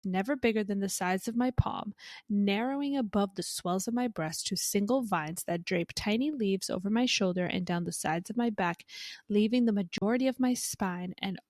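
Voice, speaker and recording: A woman's voice: medium pitch, a little mellow, no echo. Woman podcast host, casual recap, cusses a lot, reads quotes aloud, dry close sound. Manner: chatty, swears freely, reads out quotes.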